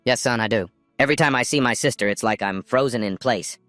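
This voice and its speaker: A man playing a towering noble father who shouts with menacing fury and raises his voice high when provoked. His voice is close and dry, with faint music playing behind. He is a storybook figure, overprotective and quick to explode. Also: dry recording, close to an everyday voice. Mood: doting.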